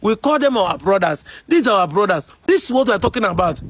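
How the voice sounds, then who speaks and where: A man with a Nigerian accent delivering a heated commentary monologue, combative and full of rhetorical questions, shouting at times. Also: high-pitched, sing-song, fast talker, hardly any pauses, slight background noise. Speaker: commentary video host.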